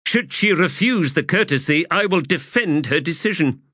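A man voicing a stern woman military commander who snaps sharp orders, in an audiobook reading. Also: on the high side, lively intonation, moderate pace, no echo, studio quality, pitched above the performer's own voice. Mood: barking.

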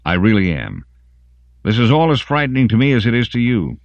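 Relentless male interrogator played by a man, needling questions, higher lively delivery, dry muffled sound. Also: a little fast, dry recording. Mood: soft.

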